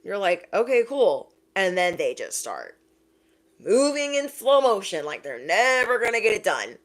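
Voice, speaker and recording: Chatty woman giving a tarot reading. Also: fairly low pitch. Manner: chatty, animated quoted voices, laughs at own jokes. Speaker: tarot reader. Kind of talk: casual channeled reading.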